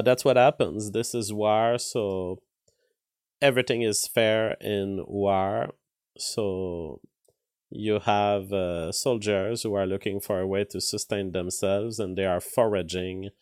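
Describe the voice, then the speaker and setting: A man's voice: deep voice, a little mellow, no echo, clean studio sound. A man with a French accent, a native French speaker, commenting on the news live and answering chat, thinking aloud with many fillers and restarts. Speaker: streamer covering news.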